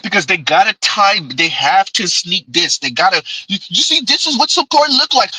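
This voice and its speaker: Male streamer, sarcastic reaction commentary; high voice with a piercing edge. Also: big pitch swings, normal speed, few pauses, pushed and bright, breathy edge, no echo, low-quality recording. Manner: mocking, sarcastic.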